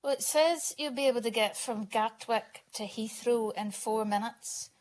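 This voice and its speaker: A woman's voice: a little high, low-quality recording. A woman comedian panellist delivering a dry punchline. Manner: dry, unhurried. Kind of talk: deadpan joke.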